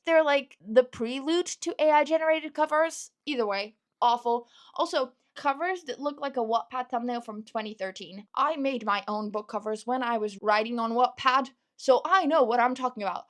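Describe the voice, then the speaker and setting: A woman's voice: fairly high pitch, moderate pace, few pauses. A young woman hosting a solo podcast, ranting in an opinionated, exasperated way while she is losing her voice. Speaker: podcast host.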